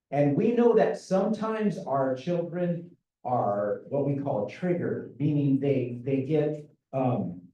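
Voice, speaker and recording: A man's voice: on the high side, warm tone, highs cut off. A man presenting to parents at a school meeting, earnest and repetitive, often asking rhetorical questions. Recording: echoey room, speaker far from mic.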